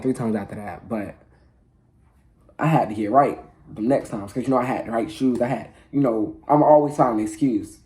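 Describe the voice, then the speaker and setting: A man's voice: medium pitch, mellow. A teenage boy telling a story about himself in casual, slangy talk, laughing at his own antics. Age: teens. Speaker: vlogger.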